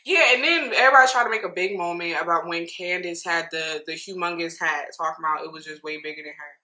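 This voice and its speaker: Bright-voiced opinionated woman recapping TV. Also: on the low side, reverberant. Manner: animated, opinionated, quick asides. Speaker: reality TV recap vlogger. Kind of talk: casual chat.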